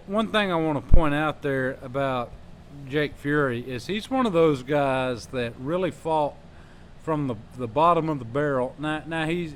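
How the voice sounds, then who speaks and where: A man's voice: on the high side, fairly bright tone, slight background noise. A man hosting a wrestling podcast, telling long joking stories in casual chat. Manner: rambling, joking storyteller.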